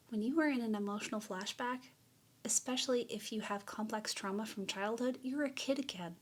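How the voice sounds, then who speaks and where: A woman giving a candid, reflective personal explainer to the camera, earnest and open. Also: a little high. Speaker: mental health vlogger.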